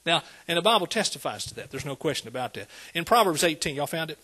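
A man's voice: fairly high pitch, big pitch swings, fast, bright, forceful tone, slightly rough. A man preaching a sermon, conversational and calling out to the congregation. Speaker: pastor.

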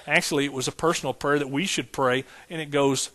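Man, pastor, sermon, slightly high voice, rhythmic repetition, folksy asides. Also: fairly even intonation, a little fast, fairly bright tone.

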